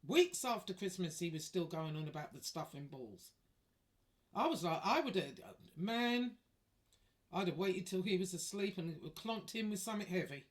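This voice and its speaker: A woman's voice: lowish voice, very animated, moderate pace. A woman telling a personal story in a chatty, wry way, swearing freely. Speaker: vlogger. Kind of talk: casual storytelling.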